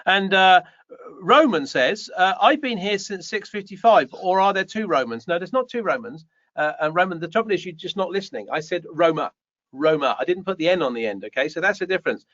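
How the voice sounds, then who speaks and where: A man co-hosting a live show, reading out viewer comments and joking with them in a teasing, animated way. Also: high voice. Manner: jokey, teasing, animated storytelling. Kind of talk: casual live show chat. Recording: dull, dry lo-fi stream audio.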